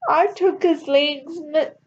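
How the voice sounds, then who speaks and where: A young woman reading her own fan story aloud, slow and deliberate, stumbling and restarting now and then. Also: sits high, fairly even intonation, lo-fi sound, slight background noise.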